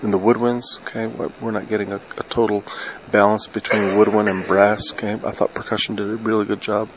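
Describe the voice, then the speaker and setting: An older man, a retired band director, gives brisk spoken comments to a band during its performance, singing and tonguing phrases to show what he wants. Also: on the low side, little pitch movement, crowd noise. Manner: sings and tongues musical phrases to demonstrate; brisk coaching instructions. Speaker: band adjudicator. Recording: dull recording over loud band playing. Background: concert band playing loudly.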